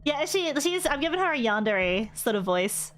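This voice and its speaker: A woman streamer chats casually between game scenes in a bubbly way. Her voice is high and bright, with game music underneath.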